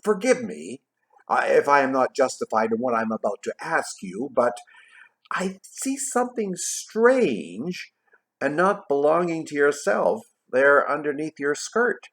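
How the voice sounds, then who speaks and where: A man's voice: fairly high pitch, very animated, a little slow, a bit bright, full character voice. A man voicing an old miser who speaks formally and hesitantly to a ghost, in a storybook reading. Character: old miser begging a ghost, nervous and stiff.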